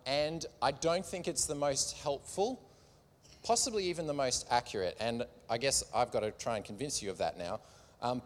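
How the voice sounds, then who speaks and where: A man preaching casually to a live audience in a large room, joking as he goes, with a slight cough. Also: medium pitch. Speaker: preacher at a church gathering. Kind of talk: sermon with audience participation. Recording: long hall reverb.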